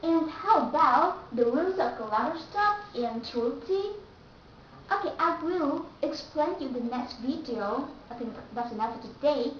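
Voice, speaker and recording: A woman giving a slow, careful English pronunciation lesson and repeating the example words. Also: sits high, animated, slight background noise. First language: Vietnamese. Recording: echoey room, distant mic, dull and lo-fi.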